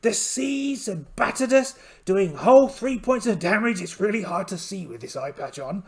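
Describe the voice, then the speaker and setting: A man's voice: high-pitched, expressive, normal speed, vocal fry. A man voicing a polite, boastful one-eyed pirate captain in a solo tabletop game, theatrical and full of exclamations. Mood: hearty. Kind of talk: in-character solo game narration.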